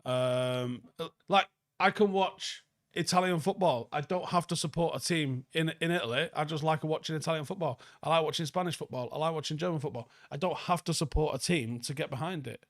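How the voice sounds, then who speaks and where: Blunt sweary football host. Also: male voice, a little high, fairly quick. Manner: blunt, sweary, reads viewer comments aloud and answers them. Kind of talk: live stream chat review.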